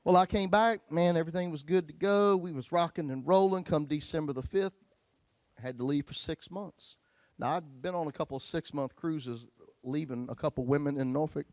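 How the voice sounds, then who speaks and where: A man preaching a sermon as a pastor, telling a personal story in a folksy, joking way and swinging between loud and hushed. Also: a little high, moderate pace, no room sound.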